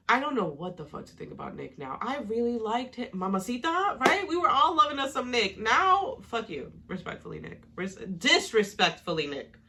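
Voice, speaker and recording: Woman, bright timbre, casual reality-TV recap, heated and profane. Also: mid-range voice. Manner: heated, profane, exasperated ranting. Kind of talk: casual reaction commentary.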